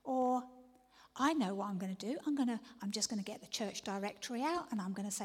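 A woman's voice: medium pitch, quick pace, breathy edge. A woman preaching a sermon, earnest, often dropping to a whisper before emphatic declarations. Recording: long reverb of a large hall.

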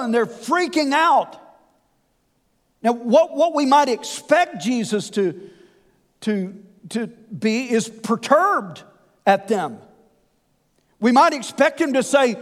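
High-voiced preacher, slow and echoing. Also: male voice. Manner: folksy, animated storytelling with asides. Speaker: pastor. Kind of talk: sermon. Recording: long hall reverb.

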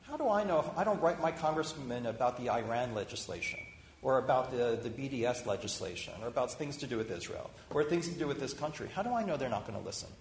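A rabbi giving an informal, conversational sermon, talking with lively restarts and acted-out quotes. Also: male voice, medium pitch, fast talker, a little hiss or hum. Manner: conversational, animated, many restarts. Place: synagogue hall. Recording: roomy hall echo, faint ambience.

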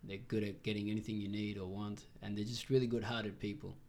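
Gravelly man telling travel stories. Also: lowish voice, a little fast. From Israel. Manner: animated, acts out quoted voices, swears freely. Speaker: guest. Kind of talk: casual storytelling.

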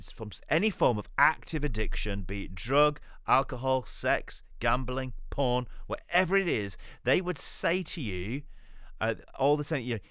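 A man's voice: mid-range voice, a bit bright, dry recording, studio quality. A man preaching a podcast sermon, emphatic and repeating his key phrases.

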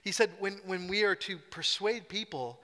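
Bright-voiced male pastor in a hall. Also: sits high, expressive, moderate pace. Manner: conversational storytelling with playful acted-out quotes. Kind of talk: sermon. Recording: reverberant hall.

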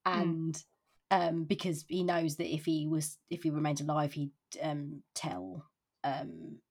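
A woman's voice: low-pitched, little pitch movement, slow, a little mellow, husky. A woman co-hosting a book podcast, talking casually and hesitantly about a novel. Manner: hesitant, many fillers and restarts. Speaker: podcast co-host.

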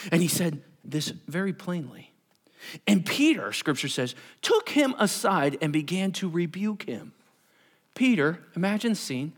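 A male pastor delivering a lively sermon, his pitch swinging widely as he preaches. He talks in a casual, animated way, slipping into everyday voices for the people in the story. His voice sits a touch higher than most men's. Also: a little slow.

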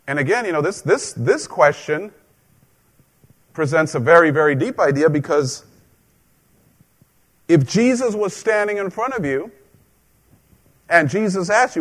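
A man's voice: on the high side, animated, measured pace, pauses often, fairly bright tone. A man preaching a conversational sermon as a pastor, joking in asides and repeating phrases for emphasis.

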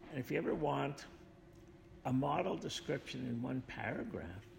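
A man reading a short literary passage aloud and then reflecting on it in a thoughtful, measured, explanatory way. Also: medium pitch, lively intonation, creaky, big-room sound, a little hiss or hum.

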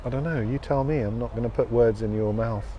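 A man co-hosting a radio show, chatting casually outdoors by a canal, full of quick interjections and teasing questions. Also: mid-range voice, background noise.

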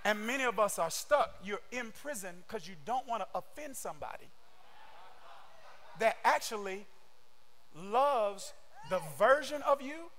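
A man preaching a sermon with fervor, often shouting and throwing rhetorical questions at his listeners. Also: high voice, expressive, unhurried, long pauses, slight background noise. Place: church service streamed online.

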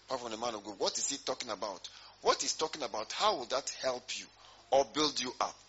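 A man's voice: medium pitch, expressive, fast talker, a bit bright, slightly rough. A man preaching a sermon to his congregation, often asking emphatic rhetorical questions. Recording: dull lo-fi sermon recording.

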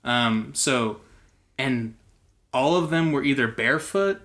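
A young man tells a mystery story on a chatty podcast. His voice is bright and forward. He talks loosely, with fillers and restarts. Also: medium pitch, takes it slowly, a little hiss or hum. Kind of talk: casual storytelling.

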